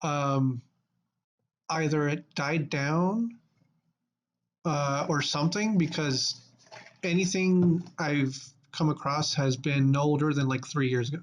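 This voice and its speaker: A man's voice: a little high, fairly even intonation, slow. A man co-hosting a podcast in casual chat, rambling with fillers and restarts. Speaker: podcast co-host.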